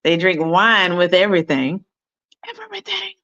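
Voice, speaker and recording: A woman's voice: deep voice, normal speed, a bit bright, no echo, dull audio. A woman guest on a talk show, chatting casually and telling anecdotes over a video call. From Arizona. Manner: chatty storyteller, quotes people in her anecdotes. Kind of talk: casual interview chat.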